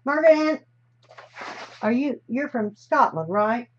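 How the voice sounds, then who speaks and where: A woman's voice: on the high side, animated, slow. A woman from the United States hosting a live stream while she crafts, talking in a chatty, rambling way that often trails off mid-sentence. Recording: slightly dull, faint hiss.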